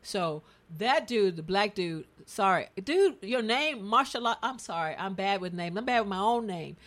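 A woman chatting casually on a talk show, with a voice at a middle pitch. She tells her story in an animated way and laughs often as she goes. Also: moderate pace. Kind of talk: casual chat.

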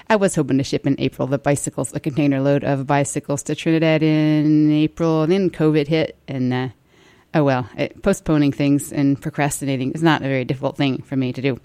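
A woman's voice: low-pitched, mellow, clean tone, no echo. A woman hosting a live community radio show from the studio, talking in a chatty, rambling way that often breaks off and restarts. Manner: rambling, self-interrupting, chatty.

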